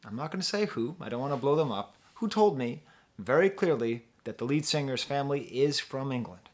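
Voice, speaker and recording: Middle-aged american guy rambling through a music review, chatty, jokes at his own expense, keeps restarting sentences, regular pitch. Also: lively intonation, a little fast. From United States. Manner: rambling, chatty, self-deprecating with frequent restarts. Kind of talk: casual talking-head review.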